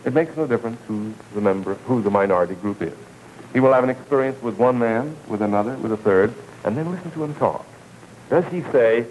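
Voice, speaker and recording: A man giving a televised lecture in a measured, deliberate way, repeating key words for emphasis. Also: medium pitch, animated, dull audio, slight background noise.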